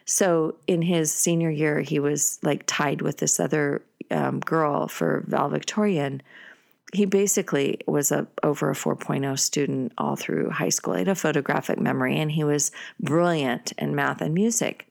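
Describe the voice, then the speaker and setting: A middle-aged woman telling a personal story in a casual, animated way, with many fillers and excited bursts. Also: low voice, moderate pace, gravelly.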